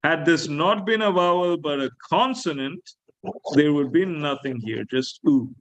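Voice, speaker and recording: A man lecturing a class on Greek grammar, slowly repeating key words and asking his students questions. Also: fairly high pitch, poor audio. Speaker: Greek teacher.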